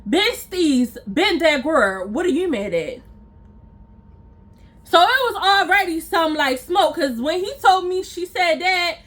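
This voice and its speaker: A woman vlogger casually telling a story to her viewers in an animated way. She repeats phrases for emphasis and acts out what people said. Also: very high voice, slow.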